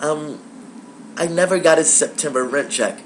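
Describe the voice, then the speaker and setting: Man doing a kind, soft-spoken landlady, high and hesitant, full of "um"s. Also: moderate pace, a little hiss or hum, natural voice. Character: sweet middle-aged woman landlord, gentle.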